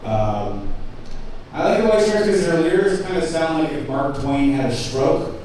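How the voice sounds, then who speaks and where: A man performs self-deprecating, rambling stand-up at an indoor cafe open mic, stumbling through ums and restarts. His voice is a little high and a little mellow, expressive at normal speed, and the very echoey room, distant mic, and faint noise color the sound.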